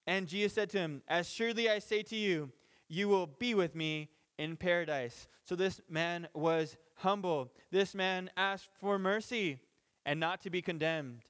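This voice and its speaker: A man with a somewhat high-pitched voice leads a relaxed Bible teaching, talking like he's chatting with the room. He laughs lightly between points and often stops to rephrase himself mid-sentence. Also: a little slow, clear, resonant tone. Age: parent of children. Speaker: pastor.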